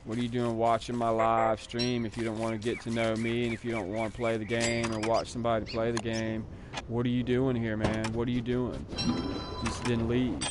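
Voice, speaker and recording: A man's voice: medium pitch, monotone, fairly quick. A man live streaming who chats in a casual, rambling and digressive way, talking back to his viewers. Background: music.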